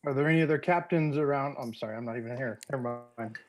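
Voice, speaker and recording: A man's voice: mid-range voice, fast, poor audio. A man playing a tabletop game, talking in a joking, offhand way. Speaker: player. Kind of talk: tabletop role-play.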